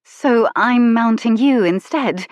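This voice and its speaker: A woman narrator lifts her voice for a curious young heroine, eager and breathy, with her pitch raised. The sound is close and dry in a romance audiobook. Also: takes it slowly, a little mellow, no echo, dull audio.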